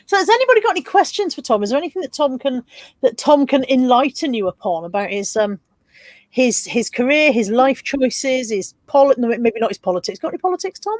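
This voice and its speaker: A woman's voice: sits high, lively intonation, a little fast, no room sound. A woman hosting a casual livestream chat, laughing often and reading viewer comments aloud. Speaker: livestream host.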